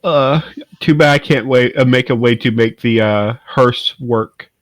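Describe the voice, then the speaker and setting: A man playing a tabletop game, explaining rules in a halting, casual way. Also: mid-range voice, dry recording, low-quality recording. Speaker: player.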